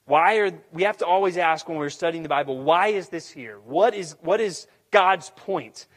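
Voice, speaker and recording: A man's voice: on the high side, normal speed. Earnest man preaching in an echoing hall. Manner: earnest, repeating questions, conversational. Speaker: pastor. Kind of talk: sermon. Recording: long hall reverb.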